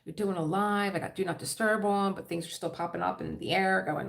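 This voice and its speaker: Middle-aged woman, Philadelphia accent, rambling livestream host, somewhat low voice, laughs easily. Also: steady tone, fairly quick, vocal fry. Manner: chatty, rambling, laughs often. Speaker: diamond painting livestream host. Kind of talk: casual livestream chat.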